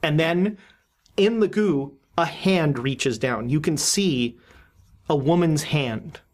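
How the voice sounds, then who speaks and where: A game master narrating a horror tabletop game, often pausing and restarting sentences. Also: medium pitch. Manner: halting, with many restarts and fillers.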